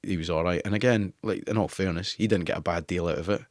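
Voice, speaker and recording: Scottish guy, middle-aged, deep voice, swears a lot telling stories, dry close sound. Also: fast, dry recording. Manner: swearing, laughing storyteller. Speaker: guest, former newspaper editor. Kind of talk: casual interview anecdotes.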